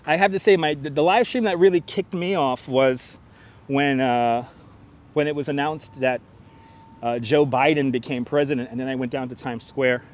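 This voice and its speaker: A man's voice: mid-range voice, fairly even intonation, normal speed. A man hosting a casual live stream while walking outdoors in an urban park, chatty and teasing, greeting viewers as he goes.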